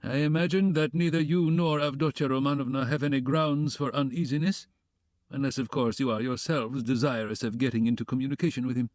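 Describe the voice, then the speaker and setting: A stiff, self-important middle-aged gentleman, read by a man, lays out his words with formal precision in an audiobook. The voice sits at a middling pitch, recorded dry and close. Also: fairly even intonation, brisk, no echo, close to an everyday voice. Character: stiff pompous middle-aged male suitor.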